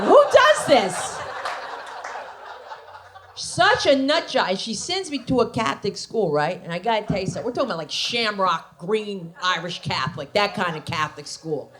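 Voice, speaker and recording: Brash, lively woman doing stand-up. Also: on the high side. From New Jersey, USA. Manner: brash, animated storytelling with put-on voices. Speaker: stand-up comedian. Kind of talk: stand-up comedy. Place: comedy club stage.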